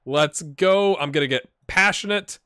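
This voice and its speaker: A man hosting a gaming channel, giving excitable let's-play commentary, cheering on his players and thinking out loud. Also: on the high side, a little slow, smooth, no room sound, clean studio sound. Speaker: video game channel host.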